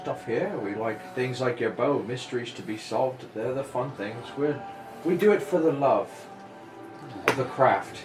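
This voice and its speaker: A man's voice: medium pitch, natural voice. A man, as game master, voicing a fussy male craftsman shopkeeper who halts and muses with fillers. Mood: businesslike. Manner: drawn-out musing, halting with fillers. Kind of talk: voicing characters in a tabletop game. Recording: echoey room with music behind.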